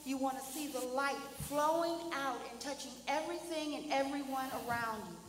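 A woman guiding a group through an affirmation, soothing at first, then calling out loudly. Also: sits high, moderate pace, slight background noise. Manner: soothing guidance that swells to loud calls. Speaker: guest speaker leading an affirmation. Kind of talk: guided affirmation in a sermon. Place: church or hall. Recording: roomy hall with long reverb, faint ambience.

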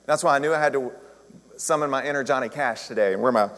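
A man's voice: mid-range voice, fast, slight background noise. A male minister giving a conversational sermon, telling a story with self-deprecating humor. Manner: chatty, self-deprecating humor, animated retelling. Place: church sanctuary. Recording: long reverb of a large hall.

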